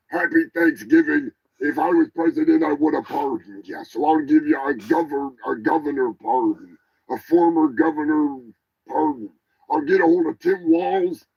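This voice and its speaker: A man's voice: a little high, gravelly, husky, full character voice, low-quality recording. A man doing a comedic impression of a rambling, boastful, stoned former wrestler turned politician, talking in long asides.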